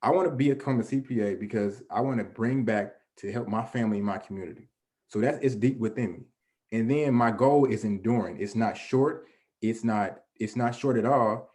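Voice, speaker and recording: Guy giving an earnest motivational talk, kinda low voice, lots of "you know" and restarts, asks himself questions then answers them. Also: a little fast, dark tone. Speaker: guest presenter. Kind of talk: motivational presentation.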